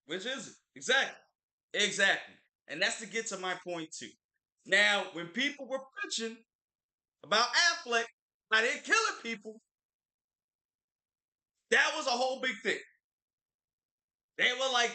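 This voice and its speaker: A man co-hosting a livestream, chatting in an opinionated, emphatic way. His voice sits high and swings a lot, with a very bright, sharp edge. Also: unhurried, long pauses, echoey room. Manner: animated, opinionated, repeats words for emphasis. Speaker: livestream co-host. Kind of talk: casual pop-culture chat.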